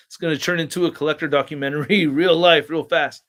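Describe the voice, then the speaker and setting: Bright, high-voiced laid-back streamer guy. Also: fairly even intonation, normal speed, pauses often. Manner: laid-back, slangy storytelling, reads chat aloud. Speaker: livestream host. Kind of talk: casual livestream chat.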